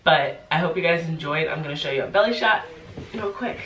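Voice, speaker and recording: Young woman, stuffy nose, chatty vlogger, bright tone, roomy sound. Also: low-pitched, expressive, fairly quick, far from the mic, slight background noise. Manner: chatty storytelling, lots of "like". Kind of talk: casual pregnancy update vlog.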